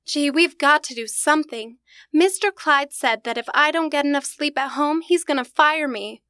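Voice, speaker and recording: An actress playing a scatterbrained, sweetly naive young secretary in a 1940s radio sitcom, with a wide-eyed, innocent delivery. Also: female voice, high-pitched, normal speed, bright, forceful tone, no room sound, clean studio sound.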